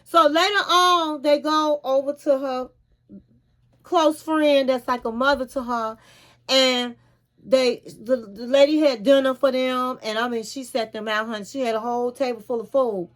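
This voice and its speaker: A woman vlogger retelling a reality show in a chatty, animated way, often calling the listener "honey.". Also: sits high, moderate pace. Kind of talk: casual storytelling recap.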